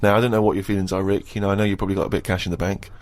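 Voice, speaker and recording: A man's voice: low-pitched, level tone, very fast. A man co-hosting a radio chat in a dry, teasing manner. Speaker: radio co-host. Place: radio studio.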